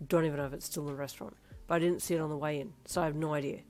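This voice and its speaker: A woman's voice: deep voice, fairly even intonation, rapid-fire, darkish tone, lightly acted. A woman voicing a short-tempered young father who snaps and swears while hunting for his child's toy. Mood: frustrated. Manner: blunt, irritated.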